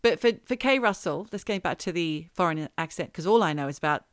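A woman's voice: on the low side, expressive, brisk, no echo, studio quality. A woman co-hosting a podcast, telling a story in casual chat and reading quotes aloud. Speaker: podcast co-host.

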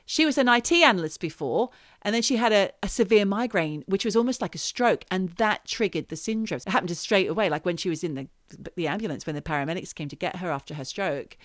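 A woman's voice: on the low side, lively intonation, fast, few pauses, no echo, clean studio sound. A woman co-hosting a podcast, telling a story in casual chat and reading quotes aloud. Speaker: podcast co-host.

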